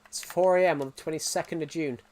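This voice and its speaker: A man's voice: a little high, steady tone, quick pace, darkish tone. A man in his twenties chatting casually on a live game stream, rambling with frequent restarts and repeats. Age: 20s.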